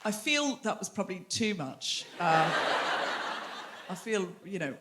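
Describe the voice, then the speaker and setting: A woman's voice: medium pitch, sing-song, measured pace, a loud crowd, very noisy. A middle-aged woman hosting a comedy podcast live on a theatre stage, bantering and teasing the audience. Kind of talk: live stand-up style crowd work.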